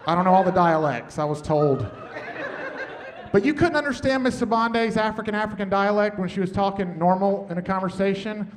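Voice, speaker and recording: A man performing a stand-up comedy set on stage, deadpan, with muttered asides. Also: high voice, fairly quick. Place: comedy stage with laughing audience. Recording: noisy stage recording.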